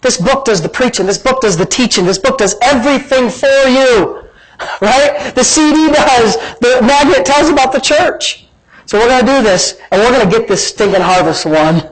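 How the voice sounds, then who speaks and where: A man's voice: very high voice, normal speed, breathy edge, low-quality recording. A man preaching a sermon as pastor, emphatic and repetitive, acting out imagined conversations, then leading a prayer and altar call. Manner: emphatic preaching, repeats lines, plays out imagined dialogue.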